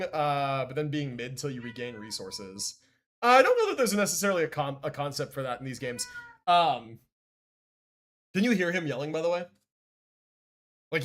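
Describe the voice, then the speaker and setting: A man's voice: fairly high pitch, a bit bright. A man streaming a game live, chatting casually and animatedly and laughing often.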